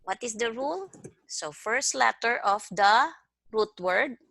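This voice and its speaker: A woman's voice: on the high side, animated, a little slow, gravelly, a bit bright, dry recording. A woman teaching a one-on-one language lesson over a video call, patiently explaining step by step and prompting her student. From Philippines. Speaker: language tutor.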